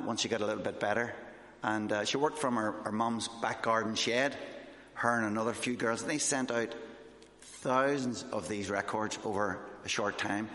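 A man from Northern Ireland with a Northern Irish accent, giving a fast, excitable church talk as a missionary speaker. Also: fairly low pitch. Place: church hall. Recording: echoey church hall.

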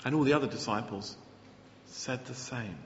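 Earnest preacher in an echoey hall. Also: male voice, mid-range voice, normal speed, a little hiss or hum. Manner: earnest, animated, with frequent restarts. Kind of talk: sermon with Bible reading. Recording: echoey hall, slightly dull sound.

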